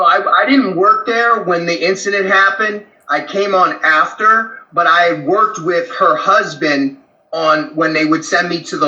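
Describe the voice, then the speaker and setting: A man's voice: on the high side, sharp tone, roomy sound, lo-fi sound. A man who worked as a prison guard, telling stories bluntly and profanely in a candid conversation, with many restarts. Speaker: former prison guard, guest.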